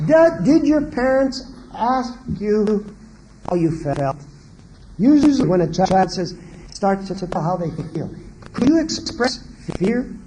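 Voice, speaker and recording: Animated man lecturing on a hissy old tape. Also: high voice, slow. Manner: animated, asks the audience many questions; acts out quoted parents and children. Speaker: seminar speaker. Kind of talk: marriage seminar lecture.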